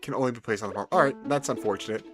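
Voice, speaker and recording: A man's voice: medium pitch, racing, music in the background. A man giving casual, playful commentary while he plays a farming video game. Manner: animated, playful, chatty. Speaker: gaming video host.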